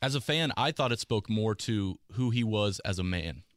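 Male co-host, low-ish voice, steady question reader, dry mic. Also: moderate pace, dry recording. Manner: steady, reads listener questions. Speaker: podcast co-host reading listener questions. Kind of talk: casual sports talk podcast.

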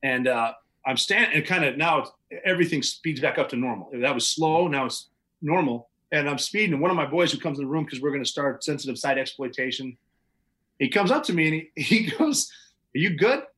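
Man, podcast guest, bright tense voice, slightly high pitch, matter-of-fact storytelling. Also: lively intonation, a little fast, rough recording. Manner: vivid, matter-of-fact recounting with occasional chuckles. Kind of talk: casual spoken storytelling.

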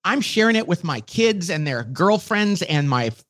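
Animated middle-aged man, fairly high voice. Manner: animated storyteller, quick and enthusiastic. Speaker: guest. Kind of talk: casual conversation.

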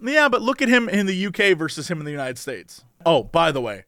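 A man's voice: on the high side, a little fast, dry recording, studio quality. A man co-hosting a podcast in casual chat, telling stories with lots of energy and slipping into impressions. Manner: animated storyteller who slips into voices. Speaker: podcast co-host.

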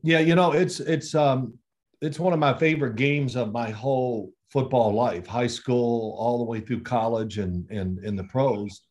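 Guest spot: man in his 60s, ex-quarterback, lively storyteller who plays out quoted dialogue. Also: medium pitch, unhurried. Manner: animated storyteller, acts out quoted exchanges. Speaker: former NFL quarterback guest. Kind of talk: casual interview storytelling.

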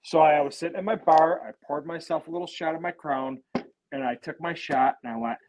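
Man, casual podcast guest, rambling and profane, slightly high voice. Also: a little fast, darkish tone, poor audio. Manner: swears freely, rambling storyteller.

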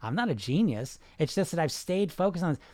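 A man's voice: fairly high pitch, big pitch swings, a little fast, dark tone, no room sound. A middle-aged man, a weight-loss coach hosting a casual live question-and-answer talk, rambling with many restarts in an emphatic, salesy way.

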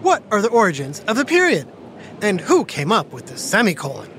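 Animated woman hosting a kids' show. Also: medium pitch, fairly quick, slight background noise. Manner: whispery, animated storyteller. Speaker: host. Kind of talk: playful kids' educational podcast narration.

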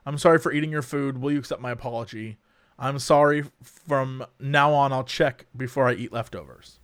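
A man's voice: medium pitch, clear, resonant tone, no echo, studio quality. A young man hosting a casual chat, reading quiz questions aloud and joking about the answers, with some swearing. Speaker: host.

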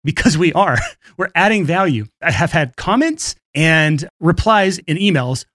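A man's voice: a little high, sing-song, measured pace, a bit bright, no room sound, studio quality. A man hosting his own podcast alone, talking casually and laughing briefly between points. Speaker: podcast host. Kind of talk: solo podcast monologue on marketing.

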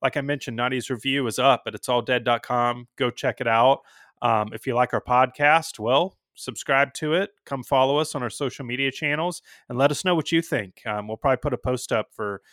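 A man's voice: medium pitch, brisk, fairly bright tone, no echo, studio quality. A man hosting a casual music podcast, rambling a little with frequent ums and restarts. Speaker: podcast host.

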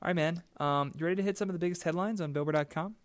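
A man's voice: on the high side, rapid-fire, no echo, clean studio sound. Laid-back male podcast co-host. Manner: laid-back, says "man" a lot, laughs easily. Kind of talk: casual podcast chat.

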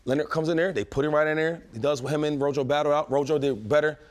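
A man in his thirties, a former pro football player, telling stories in a casual chat with slang, quick restarts and lots of animation. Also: on the high side, fairly even intonation. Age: 30s.

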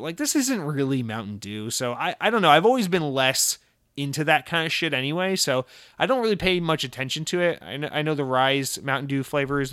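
A man from Massachusetts hosting a podcast in casual chat, animated and profane, jumping between loud rants and muttered asides. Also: medium pitch, smooth, no echo, studio quality. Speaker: podcast host.

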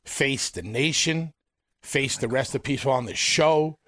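A man co-hosting a radio show, goading his partner in a rapid-fire pep talk. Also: mid-range voice, a bit bright, dry recording, clean studio sound. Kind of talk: heated on-air argument.

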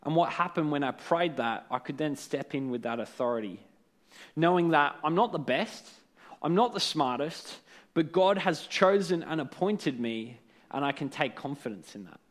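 A man's voice: a little high, expressive, moderate pace. A man giving a casual devotional talk as a preacher, conversational and often checking in with tag questions.

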